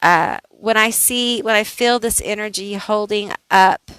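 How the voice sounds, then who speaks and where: Woman tarot reader, casual and unhurried, talks it through with lots of "like"s, dry recording. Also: mid-range voice, fairly bright tone, clean tone, dry recording, poor audio. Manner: slow, thinking aloud, chatty with many "like"s. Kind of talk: casual pick-a-card tarot reading.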